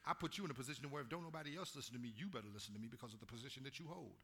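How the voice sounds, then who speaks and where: A male pastor preaching, drawing the congregation into call-and-response and swinging from quiet talk to loud shouts. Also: mid-range voice, rapid-fire, slightly rough. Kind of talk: sermon.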